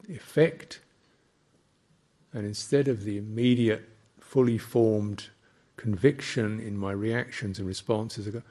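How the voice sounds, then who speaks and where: A man, a Buddhist monk, giving a slow, reflective dharma talk with thoughtful pauses. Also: on the low side, steady tone, warm tone.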